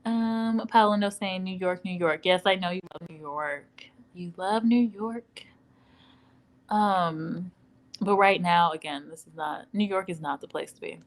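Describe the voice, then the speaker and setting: A woman's voice: fairly low pitch, a little slow, low-quality recording. A woman from the Midwestern United States, chatting at home as a livestream host, reading out viewer comments and acting out quoted dialogue with laughs. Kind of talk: casual live-stream chit-chat. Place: at home in Dallas.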